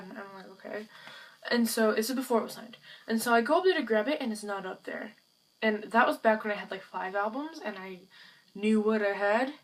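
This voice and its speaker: A woman's voice: medium pitch, recorded from a distance, rough recording. A teenage girl chatting to camera in a vlog, gushing and chatty, with lots of fillers. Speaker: vlogger. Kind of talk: casual chat to camera.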